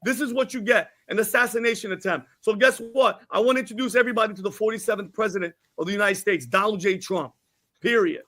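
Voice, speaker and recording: A man's voice: high voice, fast, bright, forceful tone. A man on a podcast panel talking heatedly and bluntly, openly furious. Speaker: podcast co-host. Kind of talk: panel discussion.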